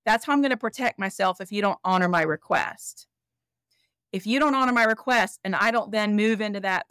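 A woman therapist speaking as a guest on a podcast, calm and explanatory. Her pitch sits in the middle range. The sound is dry and close, with no room around it. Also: dry recording. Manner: calm, explanatory, acts out examples. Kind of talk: podcast interview.

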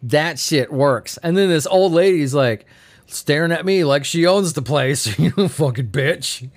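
A man's voice: fairly high pitch, unhurried. A man hosting a podcast, reading odd news stories in a giddy, sleepy, laughing way and swearing freely. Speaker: podcast host. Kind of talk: casual comedic news commentary.

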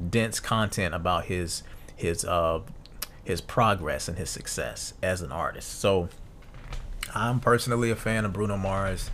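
A man's voice: low voice, fairly bright tone, slight background noise. A man in his thirties hosting a solo podcast, reading notes aloud and musing casually, with fillers and restarts. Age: 30s. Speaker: podcast host.

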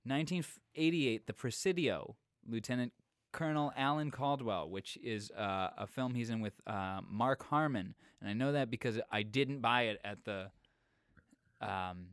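A man's voice: mid-range voice, normal speed, dry recording, clean studio sound. A man co-hosting a casual podcast chat, reading through a list of films with musing asides. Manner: chatty, reads out film lists, musing asides. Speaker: podcast co-host.

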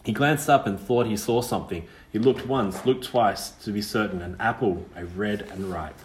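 A man reads a storybook aloud in a measured, expressive manner. His voice sits low. The recording has a roomy, echoey sound. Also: a little hiss or hum. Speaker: audiobook reader. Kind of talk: storybook narration.

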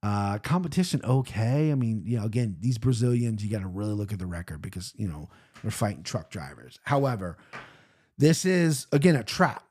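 A man's voice: fairly low pitch, lively intonation, a little fast, darkish tone, breathy edge. A man hosting a podcast and giving his fight betting picks in casual, blunt chat that is full of swearing and tangents. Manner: blunt, profane, rambling. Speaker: podcast host picking fight bets.

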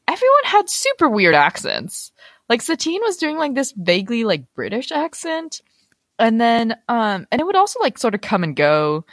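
A young woman co-hosting a casual podcast chat, talking quickly with lots of filler words and animated retellings. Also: fairly high pitch, dry recording, clean studio sound. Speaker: podcast co-host.

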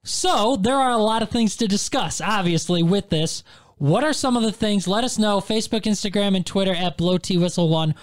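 A man's voice: high voice, moderate pace. A man hosting a casual sports talk show, steering the segment and plugging social media handles in an upbeat way. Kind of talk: casual sports radio chat.

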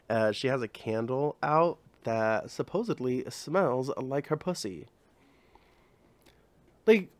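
This podcast host is a young man whose voice sits fairly high, with no echo in the recording. His comedic chat wanders loosely and is profane, slangy and heavy on fillers.

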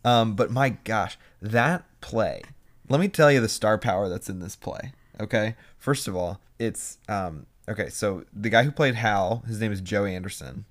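Low-voiced young man telling animated stories. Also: normal speed. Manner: animated storytelling with quoted asides. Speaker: podcast co-host. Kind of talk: casual chat.

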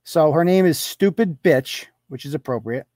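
A man's voice: fairly high pitch, expressive, normal speed, a little mellow, no room sound, clean studio sound. A man hosting a live online commentary show. He reads posts aloud off his screen and answers them in a mocking, profane, sarcastic way, chuckling as he goes. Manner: chuckles through his rants.

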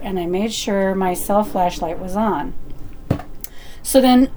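Woman, middle-aged, personal story, animated, chatty, fillers and restarts. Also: a little high, slow, slight background noise.

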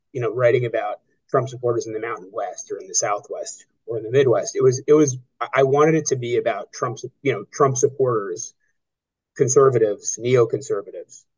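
A man in his thirties talks about his novel in a halting, searching way, full of restarts and fillers. His pitch sits in the middle range for a man. The recording sounds a little dull and muffled. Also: slightly rough. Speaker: novelist being interviewed. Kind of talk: conversational interview.

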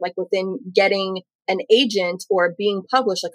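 A woman's voice: mid-range voice, normal speed, a bit bright, no room sound, poor audio. An American woman with an American accent in a casual, playful chat who likes to act out what others say. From United States.

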